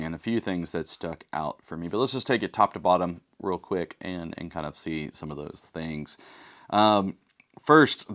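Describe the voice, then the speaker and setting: A pastor with a somewhat low-pitched male voice talks through a devotional reflection. He is relaxed and conversational, dropping in fillers and slang as he goes. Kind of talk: scripture reading and informal devotional reflection.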